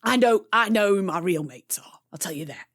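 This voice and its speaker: A woman's voice: fairly low pitch, unhurried. A woman playing a boastful, rambling raven lad in a put-on Cockney accent who keeps saying "innit". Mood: earnest.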